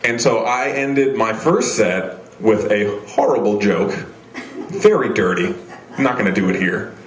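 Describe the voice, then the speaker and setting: A man's voice: fairly low pitch, lively intonation, unhurried, reverberant. A young man doing a live stand-up set on a small club stage, rambling and self-deprecating, with many restarts. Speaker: stand-up comedian. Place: small comedy venue stage.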